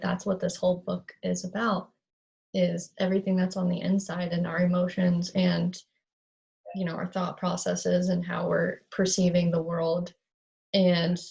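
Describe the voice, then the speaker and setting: A woman's voice: lowish voice, vocal fry, darkish tone. A young woman on a video call, chatting earnestly about a book and correcting herself as she goes. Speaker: co-host of a book discussion. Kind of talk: casual chat.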